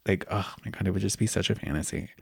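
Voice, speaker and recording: In clean studio sound with no echo, a young podcast host talks fast in a low-pitched, husky voice with vocal fry. He's gushing and expressive through the candid, casual chat, now and then dropping to a whisper.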